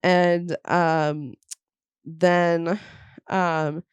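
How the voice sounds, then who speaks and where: Podcast host, young woman, lively swearing storyteller, smooth low voice, dry close sound. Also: extremely slow, no room sound, highs cut off. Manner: animated storyteller, swears freely, laughs often. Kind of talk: casual movie recap chat.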